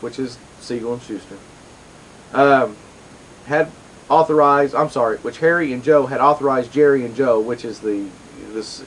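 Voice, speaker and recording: A middle-aged man hosting a comics chat show. His talk rambles, full of asides and self-corrections, and his pitch rises and falls a lot. There is a faint hiss in the background. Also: poor audio. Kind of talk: casual chat and commentary.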